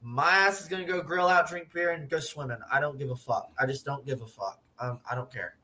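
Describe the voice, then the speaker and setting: A man co-hosting a podcast, talking in a casual, animated way, swearing often and laughing. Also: mid-range voice, fairly quick, slight background noise. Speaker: podcast co-host. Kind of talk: casual profane chat.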